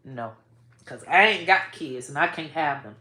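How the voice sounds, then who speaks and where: A vlogger talks casually to camera in an echoey room, blunt and profane, often saying "bro" and "y'all." Her expressive delivery at a moderate pace swings between soft and loud as her feelings run high.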